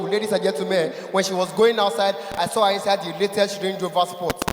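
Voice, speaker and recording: A man performing a stand-up comedy set, telling a story in an animated way and breaking into sung lines. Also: high-pitched, quick pace, few pauses. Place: large event hall. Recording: long reverb in a big hall. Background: music.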